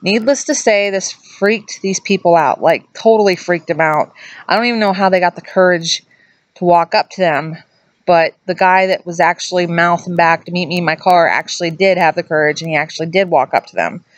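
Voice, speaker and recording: A middle-aged woman tells a ghost story in a loose, chatty way, wandering into asides and restarting her sentences. Her voice sits fairly low for a woman. The sound is dry and close, with little room around it. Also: brisk, no room sound. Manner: acts out quoted voices in a higher pitch. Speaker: vlogger telling a ghost story. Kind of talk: casual storytelling to camera.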